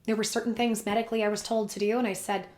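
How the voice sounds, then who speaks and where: A woman's voice: medium pitch, little pitch movement, rapid-fire, darkish tone. A woman talking casually to her viewers, her voice strained and worn, chatty and earnest. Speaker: vlogger giving predictions. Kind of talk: casual talk to camera. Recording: echoey room.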